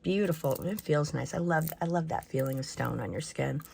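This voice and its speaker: Brisk and low-pitched, her voice is gravelly and dark with a breathy edge. The woman chats casually on her own jewelry channel, gushing over each piece with self-deprecating asides, in show-and-tell fashion through a personal microphone worn while talking.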